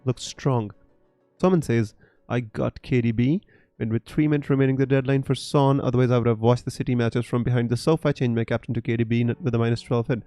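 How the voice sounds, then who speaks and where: A man's voice: mid-range voice, fairly even intonation, quick pace, warm tone, dry recording, faint music behind. A man from Punjab with a Punjabi Indian English accent, chatting casually on a live stream and reading out viewer questions in an easygoing, chatty way. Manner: chatty, easygoing, peppered with "you know" and "bro". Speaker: fantasy football streamer.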